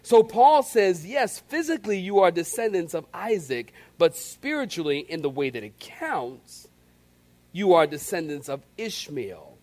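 A man preaching a sermon in an animated way, calling on the congregation to respond. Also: high-pitched, unhurried. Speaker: pastor.

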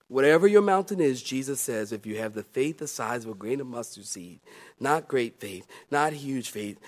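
A male pastor with a mid-range voice preaches a sermon, calling out to the congregation. He swings between soft, confiding asides and loud, emphatic declarations.

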